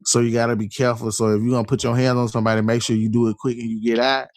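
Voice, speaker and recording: A man's voice: mid-range voice, level tone, rapid-fire, dry recording, clean studio sound. A man chatting casually on a livestream, telling loose, slangy stories with lots of fillers. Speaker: livestream host.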